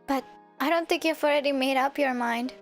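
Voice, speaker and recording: A woman's voice: high voice, fairly quick, natural voice. An earnest, protective young male hero, read aloud by a woman streamer. He speaks firmly and with determination. Faint game music plays under the voice. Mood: gentle. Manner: earnest, determined, firm promises. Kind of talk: visual novel read-aloud.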